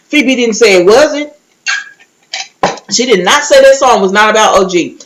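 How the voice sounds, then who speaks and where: A woman giving a casual, chatty recap, telling the story with animated asides and quickly acting out what others said. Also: on the high side, poor audio. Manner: quick acted-out quotes of others. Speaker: recap vlogger.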